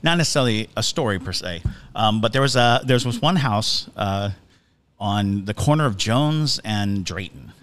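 A podcast co-host with a fairly low, slightly bright voice tells a story in a casual, chatty manner at a moderate pace. His intonation is lively, and he chuckles and restarts his sentences as he goes.

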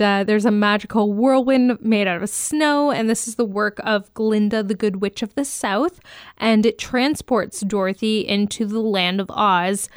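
East Coast Canadian woman, podcast co-host, loose and filler-heavy delivery, smooth tone, dry close recording. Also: medium pitch, dry recording. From Eastern Canada. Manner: rambling and self-teasing, many fillers. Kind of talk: casual chat.

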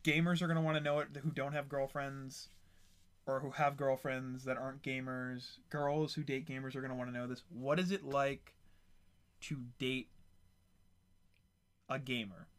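A man hosts a relaxed podcast chat at a medium pitch. He rambles, gets excited and fills pauses with ums. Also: clear, resonant tone. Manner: excitable, rambling, frequent fillers. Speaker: podcast host.

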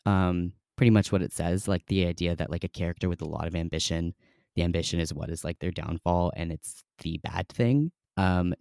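Low-voiced young man rambling on a podcast. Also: vocal fry, darkish tone, no echo, clean studio sound. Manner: chatty, rambling, many fillers. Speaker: podcast host. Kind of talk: casual podcast chat.

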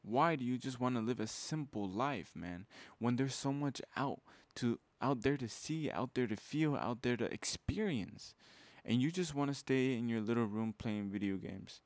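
A man's voice: medium pitch, normal speed, darkish tone, no room sound. A young man hosting a podcast, giving a casual, fired-up motivational talk full of "bro" and "man". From Mexican heritage. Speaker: podcast host.

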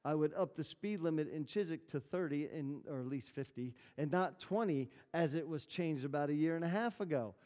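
A man's voice: fairly high pitch, fairly quick, hardly any pauses, a little mellow. A man preaching a conversational sermon, telling stories and asking the congregation questions. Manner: chatty, storytelling, asks the room questions. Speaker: pastor. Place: church hall. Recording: reverberant church hall.

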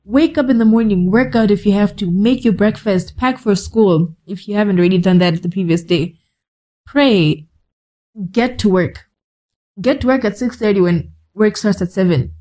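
Mellow-voiced woman giving motivational talk. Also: medium pitch, normal speed, rough recording. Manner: direct, scolding asides, conversational. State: cold, shivering. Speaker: podcast host. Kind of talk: motivational monologue.

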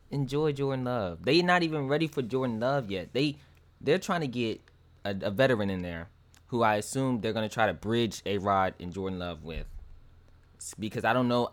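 A man co-hosting a sports podcast in relaxed, colloquial chat. His voice sits somewhat low, and he gets animated when he shares his takes. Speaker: podcast co-host.

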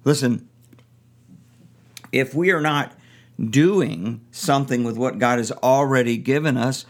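A man teaching on a Bible passage for a podcast, reflective and unhurried, with pauses and restarts. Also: medium pitch.

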